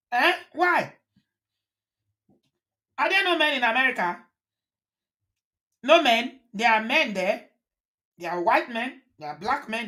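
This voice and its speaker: A woman host giving an animated, indignant commentary, firing off rhetorical questions. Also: a little high. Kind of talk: casual commentary.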